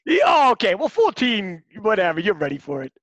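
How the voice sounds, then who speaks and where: A man in his forties hosting a casual chat, telling profane, animated stories. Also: sits high, brisk, no echo, dull audio. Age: 40s.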